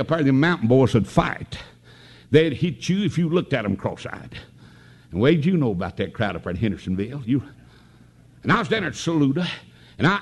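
An older man from the North Carolina mountains with an Appalachian accent, preaching a revival sermon with folksy stories that rise into shouted praise. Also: a little high.

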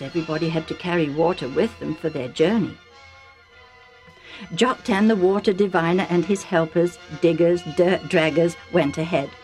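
Lower-voiced woman reading a storybook. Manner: warm, chatty, with asides to the listener. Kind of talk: storybook narration for children.

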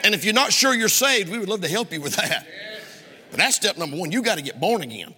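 A man's voice: high voice, very animated, quick pace, bright, forceful tone. A male pastor preaching a sermon from the pulpit with an emphatic, repeating cadence. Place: church sanctuary. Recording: long hall reverb in a church.

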